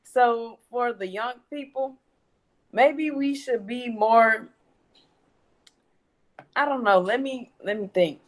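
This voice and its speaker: A woman's voice: on the high side, slow pace, long pauses. A young woman, a guest daughter on a church panel who tells her story animatedly and acts out her mother's lines.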